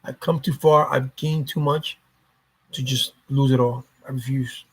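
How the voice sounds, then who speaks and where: A man's voice: mid-range voice, steady tone, a little slow, slightly rough. A man talking casually to his vlog viewers, rambling and swearing freely, often repeating himself. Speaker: YouTuber.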